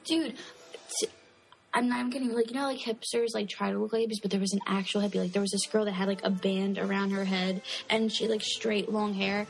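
A woman in her twenties co-hosting a casual podcast, telling animated stories full of "like". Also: mid-range voice, fast, vocal fry, rough recording. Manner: animated storyteller, heavy use of "like". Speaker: podcast co-host.

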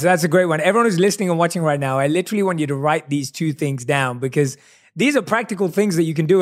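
A male podcast host who speaks with enthusiasm and addresses his listeners directly. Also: on the high side. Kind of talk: interview podcast.

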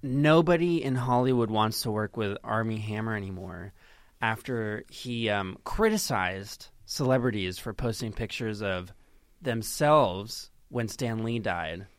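A man's voice: on the low side, measured pace, no room sound. A man co-hosting a casual chat podcast, telling stories dryly and laughing easily. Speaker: podcast co-host.

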